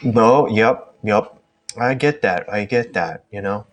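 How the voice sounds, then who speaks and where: A man's voice: on the low side, slow pace, dull audio, a little hiss or hum. A man voicing a boastful male ship's chef who rambles and restarts his sentences.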